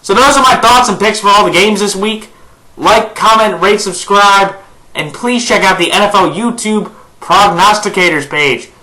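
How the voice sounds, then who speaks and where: A man's voice: high voice, normal speed, bright, forceful tone, rough recording. A man giving casual sports picks to his viewers, chatty and upbeat, with frequent fillers and restarts. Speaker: sports prediction vlogger. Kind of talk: casual picks commentary to camera.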